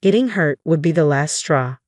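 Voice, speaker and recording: A middle-aged woman narrating a scripted family drama story in an even, measured reading voice, doing every part herself. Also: low-pitched, dry recording.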